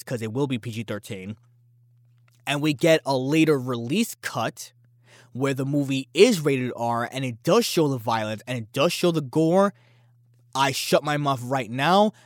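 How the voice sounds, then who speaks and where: A man's voice: medium pitch, dry recording, studio quality. A man hosting a casual opinion podcast, talking in a brash, boastful and challenging way. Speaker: podcast host.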